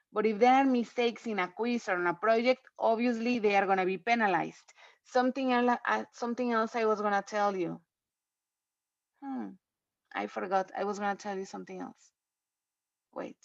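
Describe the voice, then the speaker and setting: A woman's voice: on the high side, no echo. A woman English teacher explaining rules to her class in an online lecture, chatty and repetitive, often checking in with "okay?". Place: home. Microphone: computer mic on video call. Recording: dull, lo-fi video call audio.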